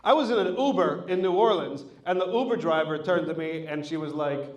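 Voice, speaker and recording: A man's voice: a little high, fairly quick. A man headlining a live stand-up comedy set, telling loose, profane stories into a stage mic. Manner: loose, profane, storytelling delivery. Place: live comedy show at an art venue. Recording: echoey room.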